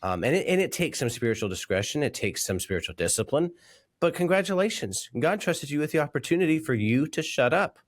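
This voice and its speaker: A man co-hosting a casual faith podcast, teasing and quick to laugh, with preacherly asides. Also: a little high, sing-song. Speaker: podcast co-host.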